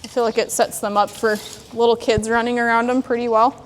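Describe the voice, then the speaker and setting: A woman horse trainer in a sandy arena, calmly explaining while she works a young horse and talks to it. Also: on the high side, brisk, a little hiss or hum. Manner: calm, plainspoken, talks to the horse in between. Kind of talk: training demonstration.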